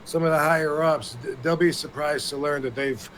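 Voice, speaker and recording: A man's voice: a little high, fairly even intonation, normal speed, a bit bright, a little hiss or hum. A man co-hosting a podcast, talking in a rambling, blunt and profane way. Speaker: podcast co-host. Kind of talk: casual podcast chat.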